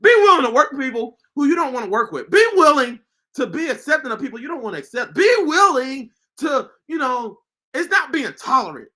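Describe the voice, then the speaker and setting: A man giving informal devotional preaching from scripture, firing off rhetorical questions with bursts of shouting. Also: very high-pitched, very animated, a little fast. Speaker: online Bible teacher.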